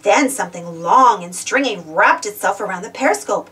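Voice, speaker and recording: Breathy woman reading a kids' story. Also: mid-range voice, distant mic. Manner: slow, expressive. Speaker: storybook reader. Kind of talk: children's read-aloud narration.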